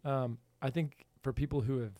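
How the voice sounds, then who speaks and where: A man hosting a podcast in casual chat, animated and laughing often. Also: medium pitch, brisk, no echo. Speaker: podcast host.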